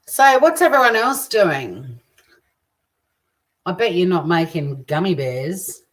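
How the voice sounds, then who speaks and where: Aussie woman, low voice, chatty crude jokes while cooking on stream, mic a bit far off, dishes clinking. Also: very animated, takes it slowly. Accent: Australian. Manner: chatty, crude joking, reads out viewer comments. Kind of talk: casual live cooking chat. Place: home kitchen. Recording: distant mic with faint kitchen clatter. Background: clinking dishes and cutlery.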